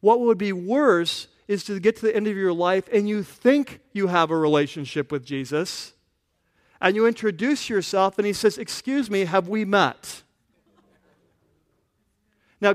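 A pastor giving a conversational sermon, often asking the congregation questions. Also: male voice, high-pitched. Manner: casual, asks the congregation questions.

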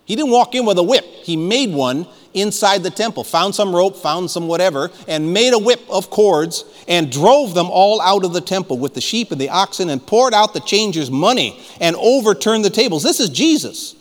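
A man preaching a fiery sermon as pastor, rising to shouts and calling for amens. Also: high voice, lively intonation, normal speed, few pauses. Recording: long hall reverb.

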